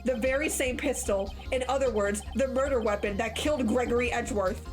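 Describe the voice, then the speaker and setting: A self-assured young male defense lawyer laying out his case, read aloud by a woman in her own fairly high voice. The delivery is steady and dramatic, with game music clearly behind. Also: a little fast, close to an everyday voice. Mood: explaining.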